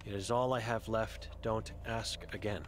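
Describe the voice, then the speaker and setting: A man's voice: on the low side, steady tone, normal speed, slight background noise, close to an everyday voice. A man reading the chalkboard words of an old blind, mute woman in a game, in terse, broken phrases. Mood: grim.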